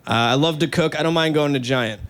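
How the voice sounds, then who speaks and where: Profane, laid-back stand-up comic. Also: male voice, fairly high pitch, brisk, fairly bright tone. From New York. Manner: casual, profane and self-mocking, with many "like" fillers. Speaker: stand-up comedian. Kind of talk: stand-up storytelling.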